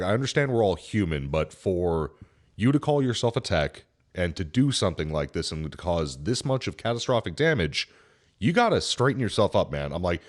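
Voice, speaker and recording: A man co-hosting a podcast, retelling a workplace story in a joking, casual way and quoting the people in it. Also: low voice. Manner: joking, retells stories with quoted dialogue. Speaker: podcast co-host.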